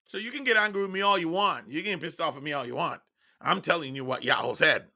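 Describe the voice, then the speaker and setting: Gravelly, bright-voiced preacher. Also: male voice, fairly high pitch, fast talker. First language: Jamaican Patois. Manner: emphatic, insistent preaching that swings into loud declarations. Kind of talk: online sermon broadcast.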